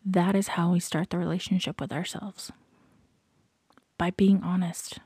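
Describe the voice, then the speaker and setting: A woman hosting a podcast, giving a slow, reflective motivational talk, often dropping into soft whispers and repeating questions to the listener. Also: lowish voice, steady tone, husky, dry recording, clean studio sound. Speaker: podcast host.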